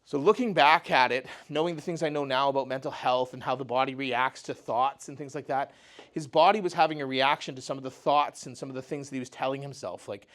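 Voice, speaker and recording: Man, mid-pitch, casual storyteller at a mental health talk. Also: fairly quick, a bit bright. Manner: conversational, often says "you know" and "right?".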